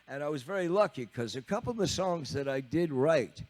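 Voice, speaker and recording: A rambling, chuckling Canadian rock drummer in his seventies spins a story from the stage. His voice sits a bit high for a man and swoops around lively. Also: fairly quick. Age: 70s. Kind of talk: storytelling on stage between songs. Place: live concert in a TV studio.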